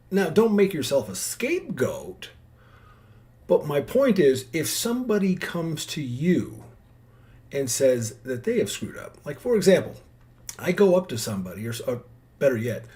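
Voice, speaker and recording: A middle-aged man hosting his own podcast, musing out loud in a heartfelt, wandering way. He circles back, restarts his sentences and drops in fillers as he thinks. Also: mid-range voice. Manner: rambling, reflective, with many restarts and fillers; earnest and heartfelt. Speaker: podcast host. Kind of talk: personal monologue.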